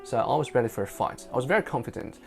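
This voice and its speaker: A man's voice: mid-range voice, animated, very fast, vocal fry, darkish tone, faint music behind. A man whose first language is Chinese, an interpreter, telling a personal story in casual English for learners. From China. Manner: casual, chatty.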